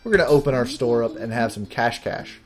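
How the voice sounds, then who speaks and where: A man's voice: mid-range voice, lively intonation, brisk. A man giving casual, chatty gameplay commentary as host, with jokey asides. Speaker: let's play host.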